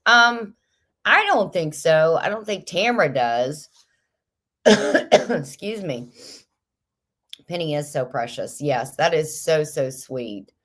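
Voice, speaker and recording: A middle-aged woman with a notably low voice chats through viewer comments on a casual livestream. She is playful and kooky and laughs easily. She sounds a little stuffy, as if nursing a mild headache. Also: very animated, slow, pauses often, a bit bright. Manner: chatty, kooky, laughs often. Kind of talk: casual chat.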